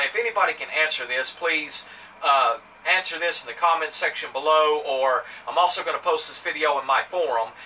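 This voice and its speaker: A Mississippi man with a Southern accent tells a story to the camera, his voice a little high, bright and forceful. The vlogger rambles indignantly, full of fillers and restarts. The mic sits somewhat far off, with faint background noise.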